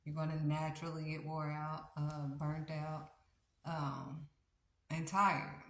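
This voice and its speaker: A woman with a very low voice gives a casual, earnest devotional talk, circling back to the same points. The recording is roomy and echoey. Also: a bit bright. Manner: earnest, repetitive, conversational. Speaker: faith livestream host. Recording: roomy echo.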